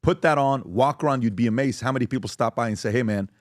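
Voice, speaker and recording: A man hosting a podcast panel, chatting casually and pitching merchandise in an upbeat way. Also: fast, dry recording, studio quality. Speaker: podcast host.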